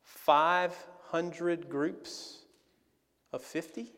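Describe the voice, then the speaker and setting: A man preaching a sermon in a conversational, animated way. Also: on the high side, drawn-out words, big-room sound. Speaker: pastor.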